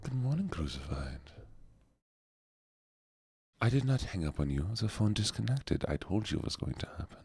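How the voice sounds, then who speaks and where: A man streaming a video game and chatting with his viewers, soft-spoken and goofy, close to the microphone. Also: lowish voice, big pitch swings, fast, gravelly, few pauses, husky, no echo. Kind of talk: soft-spoken gaming livestream chat.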